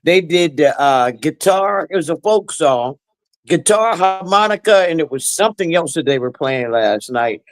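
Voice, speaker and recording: A man with a high voice hosts in casual talk-show banter. He tells his story haltingly, restarting often, and the sound is close and dry. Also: lively intonation, no room sound, low-quality recording.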